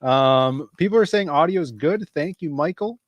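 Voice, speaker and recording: A man's voice: on the high side, expressive, normal speed, no echo, dull audio. A man co-hosting a casual livestream, rambling loosely and greeting people in the chat by name. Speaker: podcast co-host.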